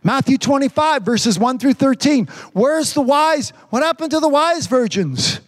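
A man preaching a sermon with emphatic repetition, frequent hallelujahs and words drawn out slowly for emphasis. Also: very high voice, lively intonation.

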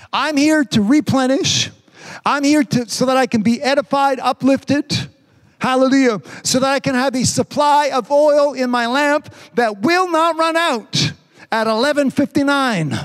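Male preacher, very high voice, emphatic delivery studded with hallelujahs. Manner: emphatic, repeats phrases, frequent hallelujahs; stretches words out slowly for emphasis. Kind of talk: sermon.

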